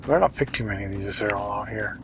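A man's voice: fairly low pitch, very fast, background noise. A man casually commenting on his own gameplay, wry and chatty, muttering to himself and swearing now and then. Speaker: let's play host.

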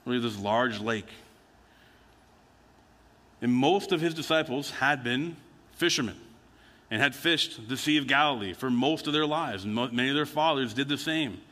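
A man's voice: medium pitch, normal speed, long pauses, sharp tone. A man preaching a sermon as a pastor, telling stories in a conversational way and acting out the quotes. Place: church sanctuary. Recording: church hall with long reverb.

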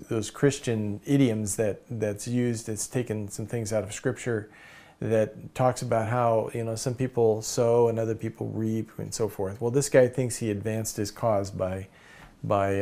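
A man teaching a cartooning course in a relaxed way, with many fillers and restarts. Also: on the low side, unhurried. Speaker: cartooning instructor. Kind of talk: casual course lecture.

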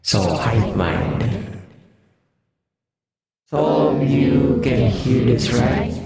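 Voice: mid-range voice, animated, extremely slow, vocal fry, voice pushed down, heavily acted. A speaker using a voice changer filter to sound like a hive mind while explaining the app. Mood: flat. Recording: echoey with loud music behind.

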